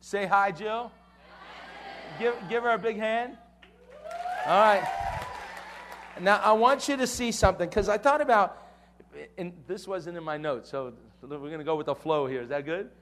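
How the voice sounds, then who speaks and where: Male preacher, high voice, storytelling sermon style with call-and-response. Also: moderate pace, pauses often, crowd noise, background noise. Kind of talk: sermon to a youth audience.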